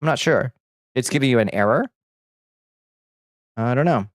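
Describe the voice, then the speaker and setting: A man's voice: medium pitch, lively intonation, moderate pace, no echo, clean studio sound. A man chatting casually on a livestream, reading viewer comments aloud and answering with blunt, profane jokes and frequent laughter. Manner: reads chat aloud and banters, laughing often. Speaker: streamer.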